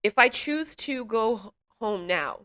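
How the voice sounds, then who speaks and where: Bright-voiced woman telling a halting testimony. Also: fairly high pitch, lively intonation. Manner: hesitant, halting, with many fillers and restarts. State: emotional, runny nose. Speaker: testimony speaker. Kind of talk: personal testimony, reflective storytelling.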